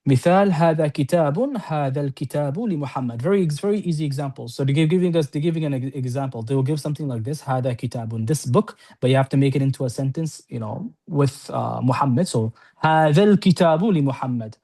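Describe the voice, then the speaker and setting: A man teaching an Arabic class, talking fast in a slightly high voice. He keeps checking in with his students as he explains each example. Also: mellow. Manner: quick, repetitive explaining with many checks like "right?". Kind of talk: classroom lesson. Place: classroom with students on-site and online.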